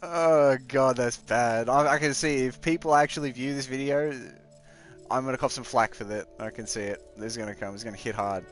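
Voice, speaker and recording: A man's voice: medium pitch, fairly quick, faint music behind. Rambling man streaming a game. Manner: rambling, chatty, talks aside to family. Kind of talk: casual live-stream gaming chat. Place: home.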